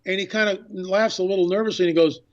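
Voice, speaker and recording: Excited man telling a story, muffled lo-fi. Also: high-pitched, fast. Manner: excited storyteller who acts out past conversations. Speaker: author and filmmaker guest. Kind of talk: radio interview storytelling.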